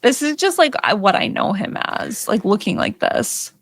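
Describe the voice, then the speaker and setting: A woman's voice: mid-range voice, wildly swooping pitch, moderate pace, no echo. A woman co-hosting a horror movie podcast, chatting casually in a blunt, joking way with some swearing. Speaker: podcast co-host.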